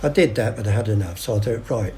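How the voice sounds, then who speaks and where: Older man, chatty anecdotal guest, mellow tone, slight background noise. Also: on the low side, fast. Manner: chatty yarn-spinner acting out voices, many restarts. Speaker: guest storyteller. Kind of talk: casual anecdotal interview.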